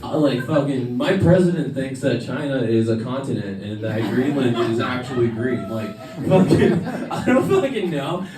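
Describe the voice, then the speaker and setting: A man's voice: medium pitch, very animated, normal speed. A man from the United States doing stand-up comedy on a club stage, rambling through a story with many fillers and laughing at his own lines. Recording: echoey club from a distance, faint room noise.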